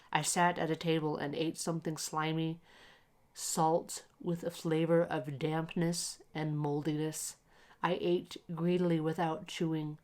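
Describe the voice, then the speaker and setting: Calm, measured, and expressive, a woman's deep voice carries a classic short story told aloud for relaxation.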